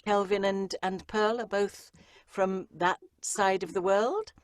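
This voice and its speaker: A woman audiobook narrator answering interview questions in a chatty, lively way, with frequent ums and asides. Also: medium pitch, slow pace.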